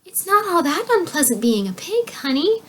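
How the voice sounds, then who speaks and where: A woman voicing a gentle, affectionate mother who has been turned into a black pig. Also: very high-pitched, sing-song, normal speed, a little hiss or hum, voice pushed up. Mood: fond. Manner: soft, affectionate, sighing.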